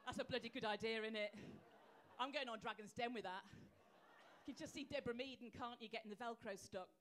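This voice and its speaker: A woman's voice: on the high side, quick pace, fairly bright tone, slight background noise. A woman with a Birmingham accent doing live stand-up, brash and cheeky, teasing the audience. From Birmingham, England. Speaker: stand-up comedian. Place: live comedy venue.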